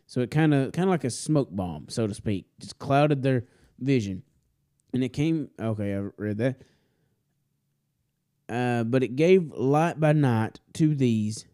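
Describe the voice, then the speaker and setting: Male Sunday school teacher, warm low timbre, casual scripture reading with asides. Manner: casual asides, self-correcting, folksy.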